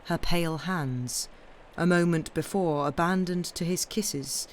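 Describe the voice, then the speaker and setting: A woman's voice: lowish voice, a little hiss or hum. Woman reading a story aloud. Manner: measured, occasionally stumbling and self-correcting. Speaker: reader. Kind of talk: audiobook-style story reading, livestreamed.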